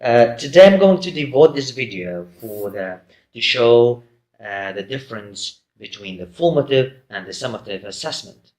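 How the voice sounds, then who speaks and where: A man's voice: medium pitch, animated, moderate pace, darkish tone. A man giving a recorded lecture, hesitant and full of fillers and restarts. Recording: roomy echo.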